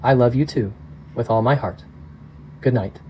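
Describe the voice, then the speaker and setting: A man reading aloud, voicing a gentle father who speaks softly and tenderly to his daughters. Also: medium pitch, normal speed, dull audio, slight background noise, natural voice. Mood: soothing. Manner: soft, tender and reassuring.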